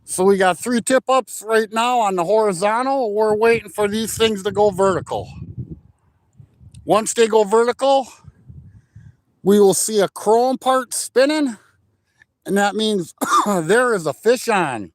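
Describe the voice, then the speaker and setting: A man whose voice sits high for a man hosts a casual live stream from out on a frozen lake, speaking slowly and happily while greeting chat members by name. The audio comes from a phone's built-in mic in the open wind, with no echo.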